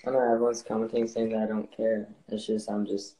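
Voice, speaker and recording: A young man in his teens giving brief, flat replies in a casual live-stream chat. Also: fairly low pitch, fairly quick, poor audio. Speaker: livestream guest.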